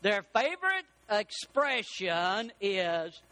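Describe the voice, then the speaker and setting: A man preaching a sermon as pastor, animated and rising to shouts for emphasis. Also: sits high, slow pace.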